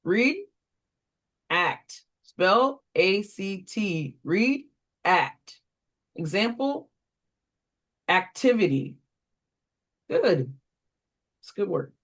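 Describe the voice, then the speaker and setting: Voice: very animated, a bit bright. A reading tutor leads a phonics drill, prompting each word in turn, spelling it out letter by letter and giving examples, with short asides that explain the method to other tutors. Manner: slow, deliberate call-and-response prompting; steps aside to explain in a lower, quicker voice.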